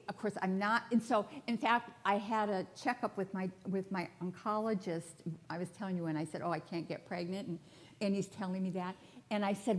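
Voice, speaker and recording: A woman's voice: medium pitch, a little mellow. A woman spiritual director giving a personal sermon to a congregation in a church, telling her story in a candid, chatty way with touches of humor. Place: church sanctuary before a congregation.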